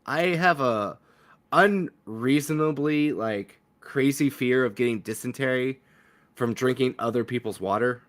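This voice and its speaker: A young man streaming a story game, talking in a mid-range voice. He rambles in a chatty, animated way and swears freely. His commentary jumps between jokes and personal asides. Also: mid-range voice. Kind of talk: let's play commentary.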